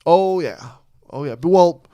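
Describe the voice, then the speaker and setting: A man's voice: sits high, expressive, measured pace, dark tone, clear, resonant tone, dull audio. A man hosting a podcast, chatting in a blunt, profane, joking way. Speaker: podcast host. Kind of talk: casual chat.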